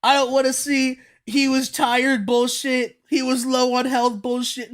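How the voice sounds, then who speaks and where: A woman livestreams her reaction to a manga chapter, talking straight to her chat with hyped-up excitement that can tip into frantic shouting. Her voice is on the high side and a little slow, with hardly any pauses.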